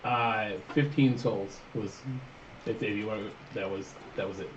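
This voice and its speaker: A man's voice: on the low side, steady tone, unhurried, muffled recording, a little hiss or hum. A man playing a tabletop role-playing game, talking in an easygoing, agreeable way. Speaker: player. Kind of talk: casual tabletop play.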